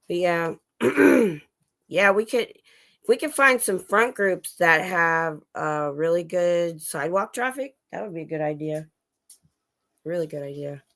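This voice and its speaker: Woman, livestream host, casual late-night chat, lowish voice, loose rambling talk. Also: unhurried, fairly bright tone. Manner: chatty, talks to her dogs between topics, many restarts. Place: home, dogs in the room. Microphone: livestream setup.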